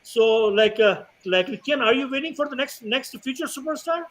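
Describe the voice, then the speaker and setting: Chatty husky-voiced male host. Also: extremely high pitch, animated, normal speed, rough recording. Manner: chatty, many fillers like "you know". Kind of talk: casual livestream chat.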